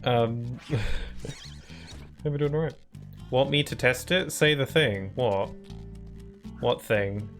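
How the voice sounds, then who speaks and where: A man's voice: medium pitch, slow, pauses often, fairly bright tone, faint music behind. A young man from Britain with a somewhat posh British accent, chatting casually and rambling while streaming a video game. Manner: rambling, chatty, frequent fillers and laughs. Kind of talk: casual live-stream chat over gameplay.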